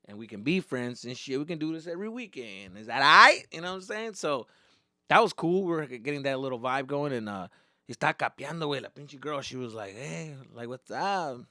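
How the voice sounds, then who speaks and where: Brash, bright-voiced comic. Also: male voice, medium pitch, a little fast, no echo, clean studio sound. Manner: profane, animated, switches into Spanish slang. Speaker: stand-up comedian. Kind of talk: stand-up storytelling. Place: comedy stage.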